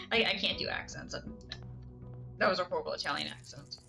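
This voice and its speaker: Streamer woman, bright and forceful tone, chatty and giggly, answering chat live. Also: on the low side, huge pitch swings, moderate pace, gravelly, faint music behind. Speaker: game streamer.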